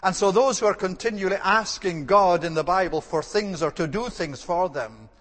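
A man's voice: high voice, normal speed, a bit bright, big-room sound. A man preaching an earnest, emphatic sermon and repeating his key words for stress.

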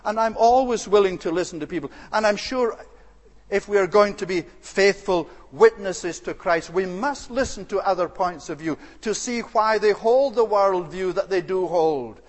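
A male preacher delivering a sermon in an earnest, deliberate way, with hesitant fillers now and then. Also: high-pitched, in a large hall.

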